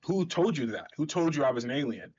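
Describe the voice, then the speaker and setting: A man's voice: fairly high pitch, expressive, quick pace, darkish tone, breathy edge. A man voicing an earnest, naive young male superhero, on a slightly dull recording.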